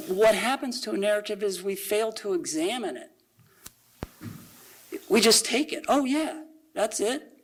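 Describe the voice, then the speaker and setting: A man giving a conversational sermon at a church service, reading quotations aloud slowly and asking the congregation rhetorical questions. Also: high voice, rough recording.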